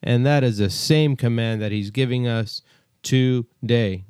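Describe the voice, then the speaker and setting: A man's voice: medium pitch, measured pace, few pauses, a little mellow, clear, resonant tone, no echo, clean studio sound. A man co-hosting a casual Bible study podcast, walking through chapters and verses in an easygoing, conversational way. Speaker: podcast co-host.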